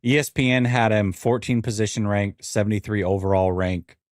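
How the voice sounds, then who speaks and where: Male sports-stream host, low voice, dry close sound; loose, rambling delivery that repeats lines and drops wry asides. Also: level tone, moderate pace, a little mellow, no room sound. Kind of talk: casual live-stream draft reaction.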